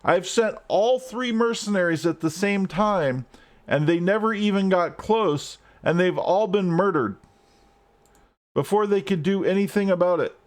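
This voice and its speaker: Guy streaming a game, kinda high voice, griping and cussing nonstop. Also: a little slow. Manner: frustrated, swearing, rants at the game. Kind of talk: live gameplay commentary.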